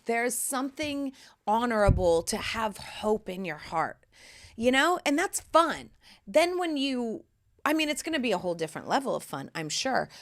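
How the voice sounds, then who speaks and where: A woman in her thirties hosting her own podcast, talking casually and animatedly, swearing freely and swinging between loud bursts and hushed asides. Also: medium pitch. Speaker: podcast host. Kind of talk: casual solo podcast talk.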